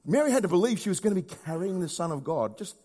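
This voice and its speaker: A man delivers a sermon in a conversational style, frequently posing rhetorical questions. He speaks fast with wide pitch swings, moving between hushed, low lines and loud, emphatic ones.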